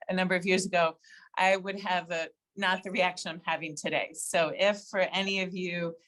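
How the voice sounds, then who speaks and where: Gentle woman leading an online group discussion over video call. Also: on the low side, steady tone, normal speed. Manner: gentle and inviting, with many ums. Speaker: event facilitator.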